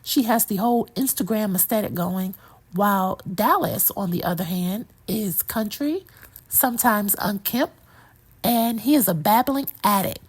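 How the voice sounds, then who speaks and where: Unhurried and breathy, her mid-range voice carries a sassy, opinionated movie review delivered in a chatty way. She addresses her viewers directly as "girl" and "child".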